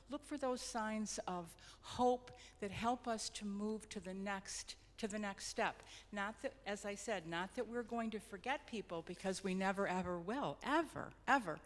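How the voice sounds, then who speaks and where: A woman leading a grief support group, speaking gently and repeating words for emphasis. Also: medium pitch. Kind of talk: reflective group talk. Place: church hall. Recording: reverberant hall.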